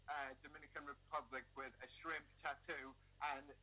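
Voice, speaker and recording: A man's voice: medium pitch, little pitch movement, moderate pace, sharp tone, slight background noise, low-quality recording. A man from the United Kingdom, a guest on a video-call interview, chatting cheerfully and loosely with plenty of fillers. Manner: laid-back, cheerful, rambling with fillers. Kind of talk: casual chat.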